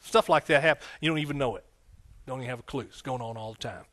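A man's voice: medium pitch, fast talker, a bit bright. A man preaching a folksy, conversational sermon, with frequent amens and hallelujahs. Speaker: pastor.

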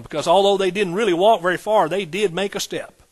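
A man's voice: high voice, brisk, slightly rough. A man preaching a sermon as pastor, building points through rhythmic repetition and folksy asides.

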